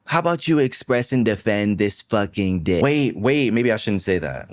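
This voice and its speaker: A man's voice: fairly low pitch, expressive, normal speed, hardly any pauses, dry recording. A young man giving sarcastic, swearing comedic commentary on a video.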